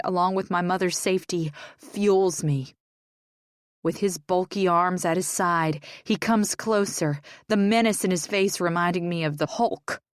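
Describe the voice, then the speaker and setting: Woman narrator, first-person audiobook, tense emotional reading, lowish voice, dry close sound. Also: no echo.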